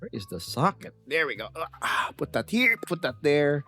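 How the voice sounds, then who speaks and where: A man's voice: fairly high pitch, very animated, normal speed, bright, forceful tone, soft background music. A man from the United States chatting casually on a livestream, rambling playfully and reading chat messages aloud. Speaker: VRChat streamer.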